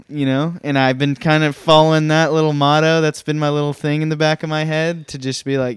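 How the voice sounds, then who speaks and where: A man's voice: fairly high pitch, fairly even intonation, fairly quick, few pauses, smooth, dry recording, studio quality. A young man co-hosting a podcast in casual chat, rambling and hesitant with many restarts. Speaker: podcast co-host.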